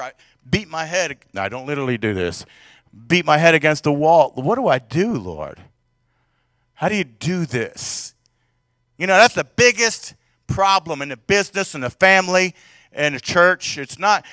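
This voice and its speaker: A male pastor preaching with a high, bright, ringing voice. He talks to the congregation conversationally, throwing questions at them, and swings from loud outbursts to quiet, intimate stretches. The sound is close and dry. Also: dry recording. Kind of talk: sermon.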